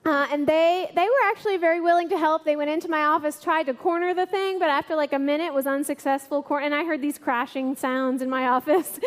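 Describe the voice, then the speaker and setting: A woman giving a sermon, telling a lively story and laughing through the funny parts. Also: high voice. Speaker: church speaker. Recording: long reverb in a large hall.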